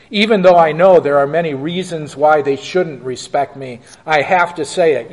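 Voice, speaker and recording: A man's voice: on the high side, normal speed, few pauses, a little mellow, big-room sound. A male pastor answering questions in a church class, emphatic and joking.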